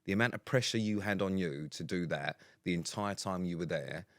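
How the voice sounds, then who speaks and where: A man's voice: sits low, a little fast, fairly bright tone, no echo, studio quality. A man co-hosting a podcast in casual chat, speaking in an earnest, supportive way with blunt swearing. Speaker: podcast co-host. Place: podcast studio.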